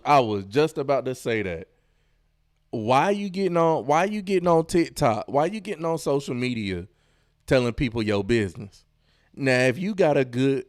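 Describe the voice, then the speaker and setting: A man's voice: medium pitch, dry recording, studio quality. A man hosting a podcast, reacting to clips in a casual, slangy way, laughing often.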